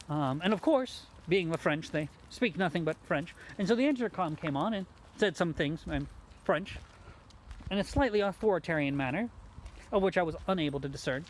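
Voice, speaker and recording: A host telling a story in a casual, animated way, mocking himself and acting out what people said. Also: medium pitch, moderate pace, slight background noise. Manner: animated, self-mocking, acts out quoted lines.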